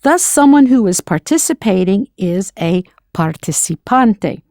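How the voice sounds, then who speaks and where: A woman teaching a scripted audio language lesson, slowly modeling foreign words and spelling them out letter by letter. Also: medium pitch, animated, a little mellow, no room sound, studio quality.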